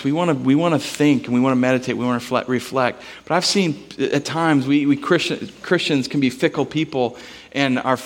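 A man preaching a sermon in a relaxed, conversational way, telling stories and asking the congregation for amens. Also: medium pitch. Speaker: pastor. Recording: long hall reverb.

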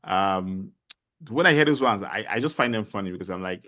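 A middle-aged man with a Nigerian accent, a podcast guest telling stories in a casual interview, animated and full of fillers. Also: sits low, normal speed. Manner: animated storyteller, many fillers.

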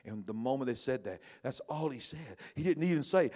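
A middle-aged pastor, preaching in a conversational style that swings between loud bursts and hushed asides. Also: male voice, medium pitch, quick pace, few pauses. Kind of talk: sermon.

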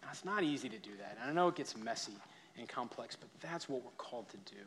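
Pastor guy preaching, mid-pitched voice, gets loud then drops soft, a bit of hiss in the background. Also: animated, quick pace. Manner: storytelling, varies loudness for emphasis. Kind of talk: sermon.

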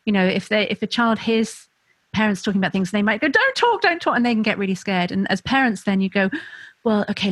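A woman's voice: medium pitch, no echo. A woman co-hosting a casual parenting podcast, talking freely and laughing, now and then acting out what children and parents say. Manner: warm, laughing, acts out children's and parents' voices. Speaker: podcast co-host.

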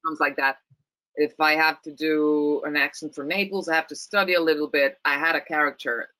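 A woman's voice: sits low, fairly even intonation, fairly quick, bright, forceful tone, no echo, low-quality recording. A woman from Rome speaking English with an Italian accent, an actress talking thoughtfully in an interview with frequent restarts. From Italy, Rome. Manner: thoughtful, many restarts and repeated words. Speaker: actress, guest. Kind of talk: interview conversation.

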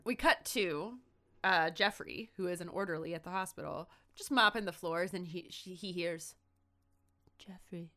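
A woman co-hosting a podcast, recapping a TV episode in a casual, animated way and full of "like" and "um". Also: fairly low pitch, normal speed. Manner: animated retelling, acts out quotes, many likes and ums. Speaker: podcast co-host.

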